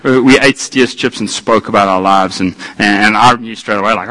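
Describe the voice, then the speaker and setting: A man preaching a sermon, animated and self-deprecating, swinging from quiet asides to loud exclamations. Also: mid-range voice, fast talker, hardly any pauses, rough recording. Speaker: pastor.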